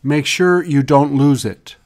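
A man reading English example sentences and brief explanations in a measured, deliberate way, as a language teacher. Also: a little high, darkish tone. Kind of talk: slow scripted language drill.

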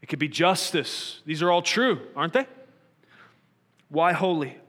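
A man's voice: on the high side, expressive, unhurried, a bit bright, long reverb tail. A man preaching a sermon, earnest and probing, asking his listeners pointed rhetorical questions.

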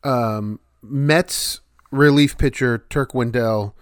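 A man's voice: medium pitch, slow pace, clear, resonant tone, dry recording, clean studio sound. A man co-hosting a casual podcast chat, rambling with many false starts. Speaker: podcast co-host.

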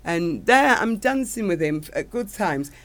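A woman's voice: medium pitch, big pitch swings, unhurried. A middle-aged woman singer, chatting enthusiastically as an interview guest. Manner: gushing, enthusiastic storytelling. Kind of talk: casual interview chat.

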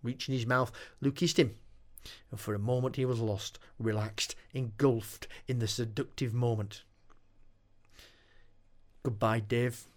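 A man reading a horror story aloud, slow and dramatic. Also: medium pitch, steady tone.

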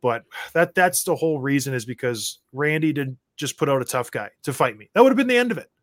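A man, a former hockey enforcer, telling stories as a guest in a casual chat and getting loud as he acts out his own rants. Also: medium pitch, animated, fast talker, no echo, studio quality. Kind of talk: casual storytelling.

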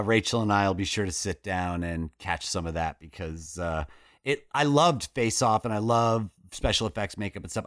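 A man's voice: fairly low pitch, no echo, studio quality. A man co-hosting a casual movie podcast, joking and swearing as he talks through a film. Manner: jokey, swearing, quick asides. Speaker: podcast co-host. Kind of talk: casual movie review chat.

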